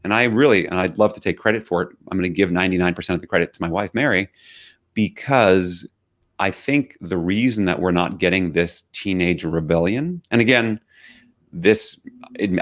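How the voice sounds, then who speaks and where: Casting: middle-aged male author guest, lowish voice, reflective anecdotal storyteller. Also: fairly bright tone. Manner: reflective storytelling with quoted dialogue. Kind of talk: interview conversation.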